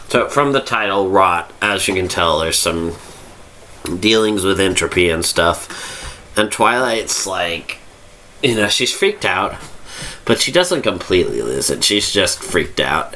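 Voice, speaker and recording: A man's voice: deep voice, lively intonation, moderate pace, bright, forceful tone, a little hiss or hum. Tipsy man rambling through reviews. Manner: rambling, swears freely, loses his train of thought. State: drunk. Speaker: fanfiction review host. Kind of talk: casual rambling review monologue.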